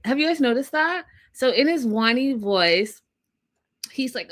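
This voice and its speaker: A chatty woman talks straight to her viewers as she recaps a reality show. Her voice is bright and sharp, and she laughs often. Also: on the high side, animated, moderate pace. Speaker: podcast co-host. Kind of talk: casual TV recap chat.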